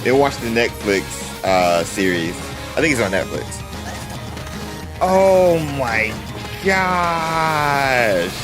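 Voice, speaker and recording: A man co-streaming a game showcase, reacting in chatty, excitable commentary that swings from flat to shouting. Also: medium pitch, very slow. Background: showcase audio and music.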